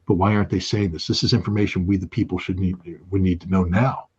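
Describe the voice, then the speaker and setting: Husky low-voiced man, impassioned commentary. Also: steady tone, fast talker. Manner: emphatic, rising to urgent outbursts. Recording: dull lo-fi sound.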